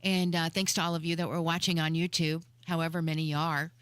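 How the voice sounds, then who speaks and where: A woman's voice: sits low, fast, no echo. A woman hosting a live radio show from the studio, chatting casually and wrapping up the show. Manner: relaxed, chatty, wraps up the show.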